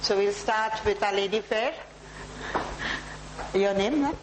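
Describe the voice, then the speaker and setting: A woman's voice: medium pitch, slow pace. Indian-accented woman, motivational speaker, engages the audience directly, room tone with faint hiss. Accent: Indian English. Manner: warm, direct, addresses audience members by name. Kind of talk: live talk to a small audience. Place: talk room with live audience.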